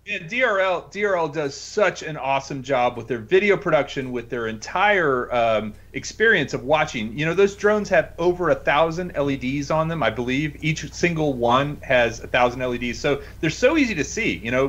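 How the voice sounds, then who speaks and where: Wisecracking co-host guy, bright forward tone, lively up and down pitch. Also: moderate pace, hardly any pauses, lo-fi sound. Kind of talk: casual chat.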